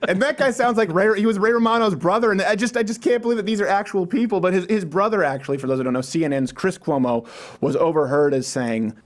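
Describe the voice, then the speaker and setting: A man hosting a comedic news rundown in a studio, wisecracking and quick to laugh. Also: high voice. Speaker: host.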